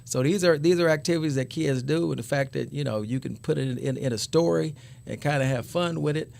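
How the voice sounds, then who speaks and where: A man's voice: fairly high pitch, a little fast, vocal fry, darkish tone. A middle-aged man, a guest author, answering interview questions in a loose, rambling way and repeating words as he thinks. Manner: rambling, repeats words while searching for thoughts.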